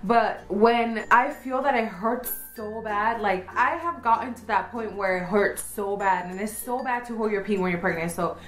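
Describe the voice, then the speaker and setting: A woman's voice: medium pitch, moderate pace, hardly any pauses, fairly bright tone, faint music behind. A young woman vlogger chatting candidly and at length to her viewers in a casual, slangy way. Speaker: beauty vlogger. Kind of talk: casual chat. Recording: echoey room.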